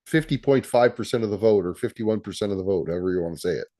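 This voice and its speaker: Low-voiced man explaining casually. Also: fast talker, mellow. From Canada. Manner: repeats words and restarts while explaining. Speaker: guest. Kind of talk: casual conversation.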